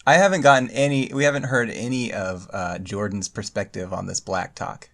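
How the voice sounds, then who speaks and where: A man's voice: fairly low pitch, fairly even intonation, normal speed, a bit bright. A man co-hosting a podcast, casual and laughing often at crude jokes. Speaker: podcast co-host. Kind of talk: casual chat.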